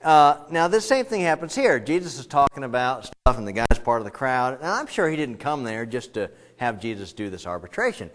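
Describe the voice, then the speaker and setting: A man's voice: medium pitch, animated, brisk, hardly any pauses, noisy background. A male pastor preaching a sermon in a conversational way, full of rambling asides, little jokes and restarts.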